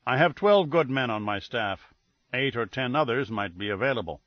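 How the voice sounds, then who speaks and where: A man's voice: mid-range voice, animated, moderate pace, dry recording, dull audio, natural voice. A man voicing an uneasy male agency boss who answers in a reluctant, guarded way.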